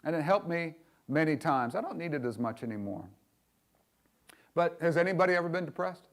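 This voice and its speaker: A middle-aged male minister delivers a candid, conversational sermon, often putting questions to the congregation and going soft and hushed in tender moments. His voice is fairly high in pitch, animated and a little fast.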